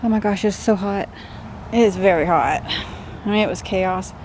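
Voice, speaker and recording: Her mid-range voice is a little mellow and moves at a moderate pace, with slight background noise. This woman from Texas vlogs outdoors in the heat on rural property, coaxing stray dogs calmly and chatting to viewers.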